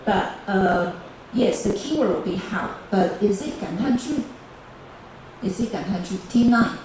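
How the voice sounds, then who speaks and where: A woman's voice: mid-range voice, lively intonation, a little slow, darkish tone, far from the mic. Echoey classroom teacher, woman. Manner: repeats key phrases and calls on teams. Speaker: high school English teacher. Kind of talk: bilingual classroom grammar lesson. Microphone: camera recording the class. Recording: echoey classroom video with background noise.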